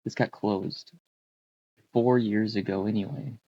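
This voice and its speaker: Man, gravelly voice, flat delivery, thinking aloud, close dull lo-fi mic. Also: fairly low pitch, a little hiss or hum. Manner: muttering, wry, halting. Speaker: streamer coding on screen. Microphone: close desk mic.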